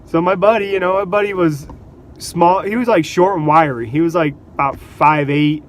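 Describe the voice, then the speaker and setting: High-voiced man telling stories, animated. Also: moderate pace, a little hiss or hum. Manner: animated, laughs between anecdotes, acts out quotes. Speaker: vlogger. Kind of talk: casual storytelling.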